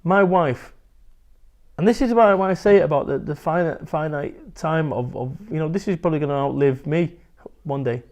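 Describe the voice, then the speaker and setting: On the high side and a little mellow, this English man speaks at normal speed. He's a motivational speaker giving a candid interview, blunt and animated, with plenty of swearing.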